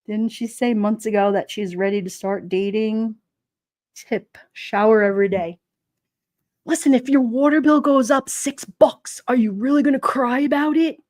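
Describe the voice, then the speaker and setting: Sassy woman streamer gossiping over chat comments, kinda high voice, dry close mic. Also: moderate pace, darkish tone, no echo. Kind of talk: casual livestream chat reading comments.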